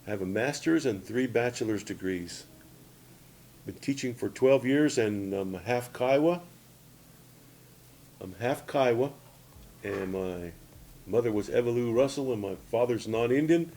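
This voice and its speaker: A man's voice: medium pitch, a little slow, long pauses, a little mellow. A man in his sixties from Oklahoma, teaching a language lesson in a plain, repetitive way, often checking in with "okay?" and "see?". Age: 60s. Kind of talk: casual spoken lesson.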